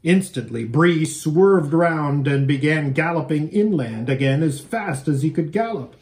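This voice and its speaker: A man, a pastor, reading a children's book aloud in an expressive, animated storytelling manner. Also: a little high, unhurried, hardly any pauses.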